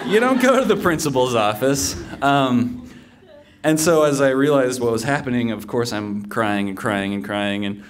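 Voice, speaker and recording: A man's voice: mid-range voice, a little hiss or hum. A man telling a humorous personal story live on stage, in a conversational way with fillers and restarts.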